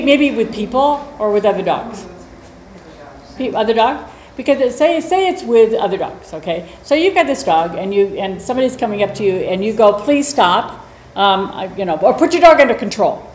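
A woman dog trainer teaching a class in a chatty, animated way, acting out little scenes as she explains. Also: a little high, normal speed. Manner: animated, chatty, acts out quotes. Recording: roomy echo, faint noise.

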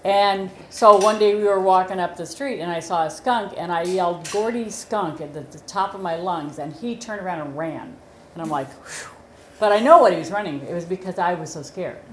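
Chatty lower-voiced woman, echoey room. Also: brisk, slight background noise. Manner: chatty, explains patiently, animated storyteller. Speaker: dog trainer and co-host. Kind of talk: casual chat.

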